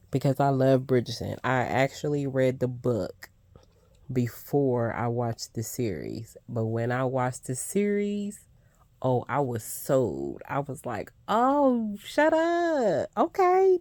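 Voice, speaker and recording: An older woman doing a casual unboxing vlog, gushing with excited exclamations as she shows off crafting supplies. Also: rumbling low, slow, dry recording. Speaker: crafting vlogger.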